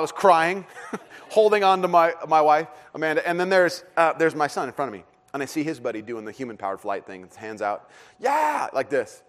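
Storytelling man preaching a sermon. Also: a little high. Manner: storytelling, animated, laughs often. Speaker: pastor.

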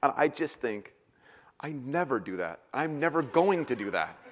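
Medium in pitch and normal in speed, a middle-aged man preaches a sermon as a pastor. He recounts self-deprecating stories in an animated way, acting out the voices, and a long hall reverb fills the recording.

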